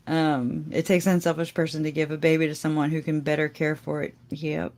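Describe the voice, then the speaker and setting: A woman's voice: deep voice, dark tone. A woman hosting a casual livestream, chatting with her viewers and laughing often as she talks. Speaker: livestream host.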